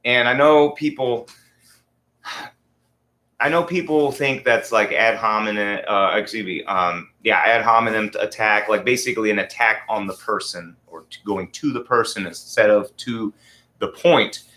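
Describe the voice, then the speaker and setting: A man's voice: fairly low pitch, a little slow, fairly bright tone. A man in his forties hosting a podcast, ranting casually and heatedly with lots of swearing. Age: 40s. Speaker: podcast host. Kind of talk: casual rant.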